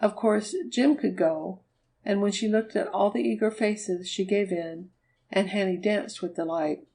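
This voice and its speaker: A woman narrating a children's storybook in an even, measured reading. Her voice sits at a middle pitch for a woman. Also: low-quality recording. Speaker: audiobook reader. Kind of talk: scripted narration.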